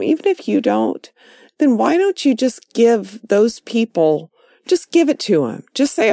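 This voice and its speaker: A woman's voice: sing-song, moderate pace, creaky, warm tone, no echo, studio quality. A woman co-hosting a casual chat, talking passionately and often stumbling over her words as she gets worked up. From Texas. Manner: passionate, rising pitch when worked up.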